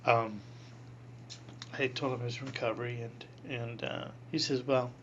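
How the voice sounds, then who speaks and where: A man in his sixties, a priest, telling a personal story in an interview, animated, acting out voices and laughing often. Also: mid-range voice, moderate pace, highs cut off, slight background noise.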